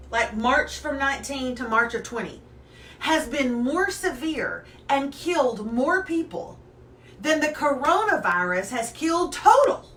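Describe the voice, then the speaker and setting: A woman co-hosts a casual live morning chat, bubbly and talkative as she reads viewer comments. Her voice sits a little high. She sounds slightly back from the mic, with a faint hum in the room. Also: moderate pace, roomy sound, distant mic. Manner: chatty and animated, reads viewer comments aloud. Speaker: co-host of a morning live show.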